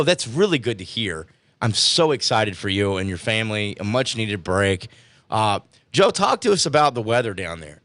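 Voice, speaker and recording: A man's voice: on the low side, big pitch swings, normal speed, a bit bright, dry recording. A man guest-hosting a talk radio show, casual, playful and self-mocking. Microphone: studio microphone.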